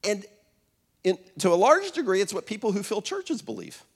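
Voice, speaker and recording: Conversational pastor in a reverberant hall. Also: male voice, sits high, huge pitch swings, normal speed, creaky, husky. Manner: conversational, storytelling with many fillers and restarts. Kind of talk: sermon. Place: church auditorium.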